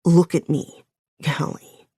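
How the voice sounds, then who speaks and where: A woman voicing a commanding man with a low, raspy, growling voice. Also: slow pace, dark tone, no echo, clean studio sound, natural voice.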